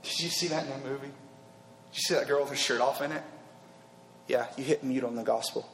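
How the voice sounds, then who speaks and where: A man preaching an emphatic youth sermon that repeats its points and builds to shouts. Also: medium pitch, fairly even intonation, fairly quick, reverberant, big-room sound, slight background noise. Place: large hall with an audience.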